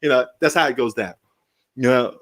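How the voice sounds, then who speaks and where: A man's voice: medium pitch, moderate pace, a bit bright. A man, casually commentating a basketball game live, rambling and joking and laughing often. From New York. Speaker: sports live-stream host.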